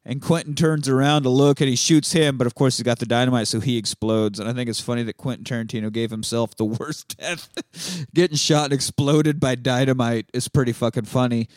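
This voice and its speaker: A man's voice: mid-range voice, steady tone, brisk, dry recording, clean studio sound. A man hosting a podcast, animatedly retelling film scenes in casual, profane chat. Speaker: podcast host.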